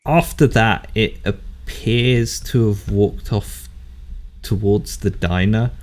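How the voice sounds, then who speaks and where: A man narrating as game master of a tabletop game, halting and searching for words. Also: on the low side, a little mellow.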